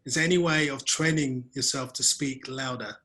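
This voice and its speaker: A man's voice: mid-range voice, steady tone, moderate pace, pushed and bright, poor audio. A man hosting a video-call webinar interview, telling casual self-deprecating stories about his early days on camera. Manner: chatty, self-deprecating storyteller. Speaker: webinar host.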